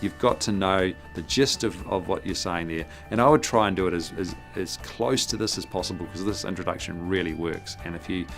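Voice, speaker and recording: A man presenting a tutorial, walking through practical steps in a steady, encouraging way. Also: low voice, brisk, vocal fry, few pauses, faint music behind. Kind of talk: instructional explainer.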